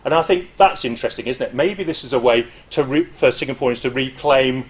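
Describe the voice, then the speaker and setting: A middle-aged man gives an informal seminar talk as a university lecturer. His voice sits at a mid pitch, and he keeps things lively with chatty asides and frequent hesitations. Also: brisk. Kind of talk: informal academic presentation.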